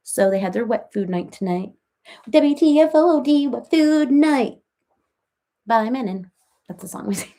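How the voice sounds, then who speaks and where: Gravelly rambling reality-TV cat lady, played by a woman. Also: medium pitch, fairly even intonation, brisk, warm tone. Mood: chatty. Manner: rambling and chatty, baby-talks her cats, answers viewers by name. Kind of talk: comedic parody livestream chat.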